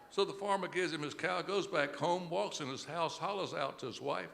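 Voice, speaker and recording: A man telling clean jokes to an audience at a country club, acting out each character in an unhurried storytelling manner. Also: fairly high pitch, expressive, creaky, fairly bright tone, in a large hall, slight background noise. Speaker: inspirational speaker telling jokes. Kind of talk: stand-up joke telling. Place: country club event room.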